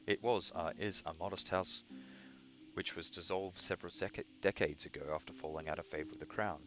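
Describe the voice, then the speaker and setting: A man's voice: sits low, steady tone, brisk, lightly acted. Sir Zelka, a man reading a stiff young knight. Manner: formal, stiff, stumbling over words. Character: pompous young male knight lieutenant. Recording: music playing behind.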